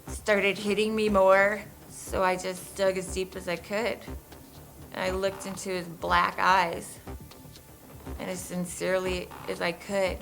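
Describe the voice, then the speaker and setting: A woman tells her own story as a survivor, speaking in a measured, halting way with pauses and restarts. Her voice sits at an everyday middle pitch. Soft music plays faintly underneath. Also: level tone, creaky, rough recording. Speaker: survivor recounting her ordeal. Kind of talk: first-person testimony.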